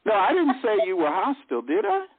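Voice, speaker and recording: A man calling in to a talk show, speaking in a halting, defensive way. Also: sits high, wildly swooping pitch, creaky, breathy edge. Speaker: caller. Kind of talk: call-in debate. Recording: tinny phone line.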